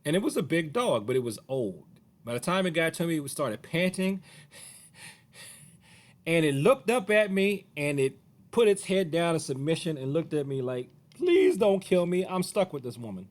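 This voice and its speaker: A man recounting a past run-in, his pitch sitting fairly high and swinging widely as he talks. He slips into the voices of the other people in the story. Casual, expressive storytelling to camera. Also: normal speed. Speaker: martial arts teacher.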